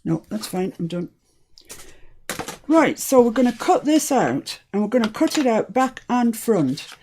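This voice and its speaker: A woman's voice: a little high, very animated, measured pace, darkish tone, slight background noise. A woman from the UK hosting a live crafting demonstration, chatting as she talks herself through each step. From United Kingdom. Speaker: crafting channel host.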